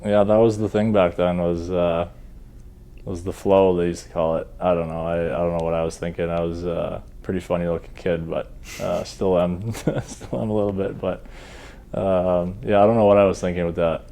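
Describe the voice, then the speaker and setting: This is a thirtysomething Canadian goalie guesting on a podcast, his low voice moving at a moderate pace. He sounds relaxed, makes light of himself, and hesitates often with um and uh.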